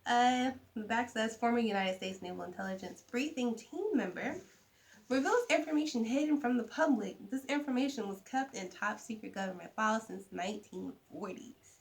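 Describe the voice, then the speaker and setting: A young woman chatting casually to camera about books, animated, with soft asides. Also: a little high, moderate pace, vocal fry. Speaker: vlogger. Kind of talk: casual book chat to camera.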